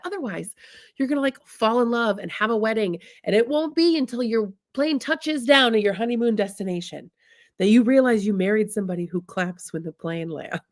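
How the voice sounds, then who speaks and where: A woman from the US Midwest telling a funny personal story in a chatty, comic way, often calling her listeners "y'all". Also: mid-range voice. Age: adult, married. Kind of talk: humorous storytelling talk.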